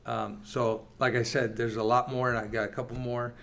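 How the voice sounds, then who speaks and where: Male Bible class teacher, mid-pitched, earnest, reads scripture and chats with the room. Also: flat delivery, creaky, fairly bright tone. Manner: earnest, reads scripture aloud, quick asides. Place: church meeting room.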